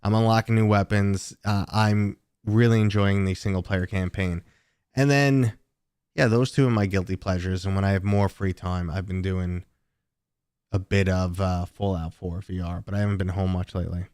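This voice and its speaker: Low, smooth-voiced New York man. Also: normal speed, no echo. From New York City. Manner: talkative, relaxed and chatty. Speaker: livestream host. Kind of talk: casual livestream chat with viewers.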